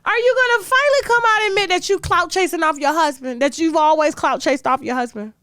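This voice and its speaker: A woman's voice: very high voice, fast, fairly bright tone, dry recording, clean studio sound. A woman hosting a gossip commentary show, ranting in a brash, profane, rhetorical way. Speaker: host.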